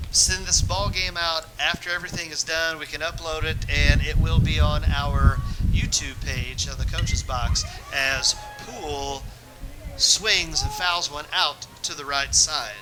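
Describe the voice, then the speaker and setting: Over a noisy background, a play-by-play announcer with a fairly high, fairly even voice jokes his way through a youth baseball game. He talks into the press box mic in a chatty manner, restarting quickly.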